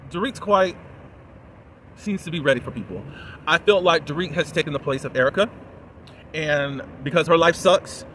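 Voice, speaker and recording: A man with a fairly high voice recaps a reality show in a casual, chatty way. He is sassy and opinionated, and he talks straight to his viewers. A faint hiss of noise sits behind him. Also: fairly bright tone.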